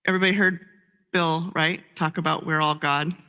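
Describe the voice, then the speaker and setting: A woman minister giving a conversational sermon, animated, acting out little role-plays and laughing often. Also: sits low, brisk, smooth.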